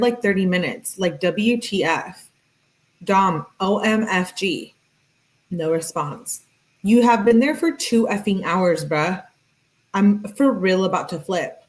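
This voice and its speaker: On a low-quality recording, a channel host with a mid-range voice reads texts out loud in a flat, straightforward way. She regularly breaks off to toss in offhand remarks.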